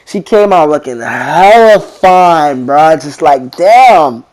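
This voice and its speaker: Teen boy, casual storytelling, slangy, rambling, a bit high voice. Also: slow pace. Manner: slangy, rambling, animated retelling with quoted voices. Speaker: vlogger.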